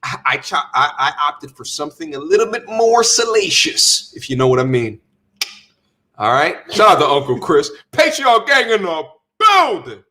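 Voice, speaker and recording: Man, livestream co-host, casual banter, bright tone, playful hype. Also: a little high, expressive, moderate pace. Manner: hyped, playful shout-outs, laughing often. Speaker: livestream co-host reading super chats. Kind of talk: casual banter on a live talk stream.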